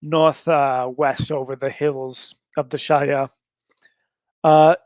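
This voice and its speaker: A man narrating his own solo tabletop game, rambling along with plenty of fillers. His voice sits a little high. The recording is dry and close. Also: little pitch movement, takes it slowly, a little mellow, no room sound.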